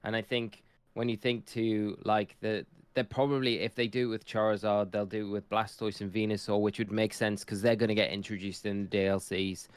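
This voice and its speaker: Man, podcast co-host, eager, agreeable, smooth low-ish voice, dry close sound. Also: little pitch movement, dry recording. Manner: eager and agreeable, quick to say yes. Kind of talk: casual podcast chat.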